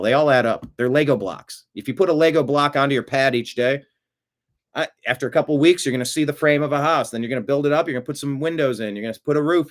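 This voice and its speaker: A man's voice: mid-range voice, fast talker. A man hosting a live stream, chatting casually and reading viewer comments with rambling, jokey asides. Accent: American. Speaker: show host.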